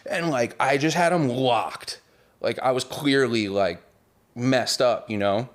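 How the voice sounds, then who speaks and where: A man's voice: medium pitch, slow pace. Young man, casual storyteller, loose slangy rambling, voices the people in his tale. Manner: rambling, full of "like", "dude" and "bro", acts out voices in the story. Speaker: podcast guest.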